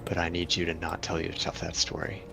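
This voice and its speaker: A man voicing a caring adventurer who speaks softly and reassuringly. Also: monotone, fairly quick, creaky, music in the background. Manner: soft, low, reassuring. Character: steady, caring adventurer comforting a friend.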